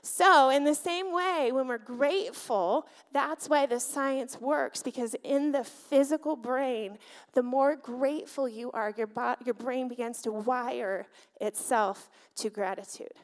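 A woman pastor giving an animated sermon, often asking the congregation questions. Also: sits high. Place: church sanctuary. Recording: church hall reverb.

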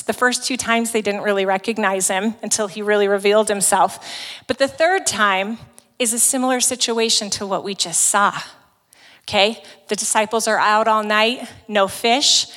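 A woman's voice: mid-range voice, normal speed, fairly bright tone. A woman giving a sermon to a women's gathering, conversational and emphatic as she retells scripture. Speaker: women's ministry speaker. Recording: long reverb in a large hall.

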